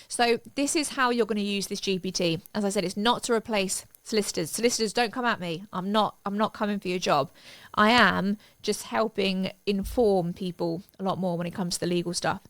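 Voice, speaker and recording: A woman teaching a step-by-step software tutorial in an upbeat, chatty, enthusiastic way. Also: medium pitch, no echo. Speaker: online business tutor.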